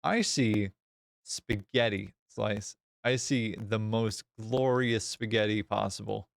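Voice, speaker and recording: Gravelly-voiced man chatting on a game stream. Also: lowish voice, takes it slowly, no echo, studio quality. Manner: chatty, excitable, self-mocking sarcasm. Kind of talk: live gameplay stream chat.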